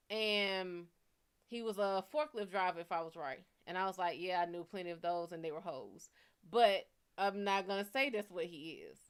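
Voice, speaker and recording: A woman's voice: mid-range voice, clean tone. Candid, profane woman telling a story. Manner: candid, profane, animated storytelling with quoted dialogue. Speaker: psychic reader host. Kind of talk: casual storytelling.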